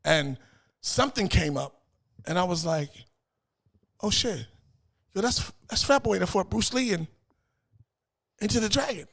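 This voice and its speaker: A middle-aged man, telling stories as an interview guest in an animated way, repeating phrases and acting out voices. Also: high voice, a little slow, creaky, pauses often. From New York. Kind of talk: casual storytelling chat.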